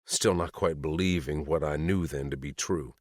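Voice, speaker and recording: A man narrating a dark romance audiobook in the first person with a dramatic, expressive reading. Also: very deep voice, moderate pace, no room sound, studio quality.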